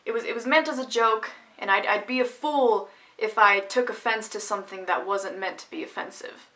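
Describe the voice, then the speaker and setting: A woman's voice: medium pitch, normal speed, hardly any pauses, sharp tone. A woman vlogger telling a story from her own life in a casual, sarcastic, ranting manner.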